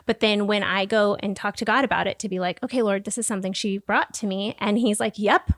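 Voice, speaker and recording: A woman pastor speaking in a casual podcast conversation, animated, acting out quoted dialogue and laughing often. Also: medium pitch, fast, dry recording, clean studio sound.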